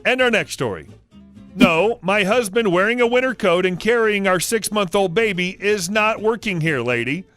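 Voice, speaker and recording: A man reading online stories aloud, with chatty asides between them. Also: high voice. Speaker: story narrator. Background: soft guitar music.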